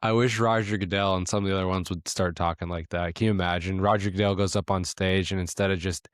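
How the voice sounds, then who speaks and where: A young man with a deep, low voice trades relaxed jokes on a casual sports podcast. The sound is close and dry, without echo. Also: fast, clear, resonant tone. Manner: laid-back joking banter. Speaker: podcast co-host.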